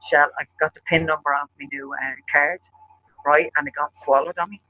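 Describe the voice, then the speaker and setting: A man with an Irish accent, co-hosting a show and telling a long story, animated and full of swearing. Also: a little high, fairly quick, a little hiss or hum, low-quality recording. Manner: profane, animated storyteller acting out quarrels. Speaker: show co-host. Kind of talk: casual storytelling chat.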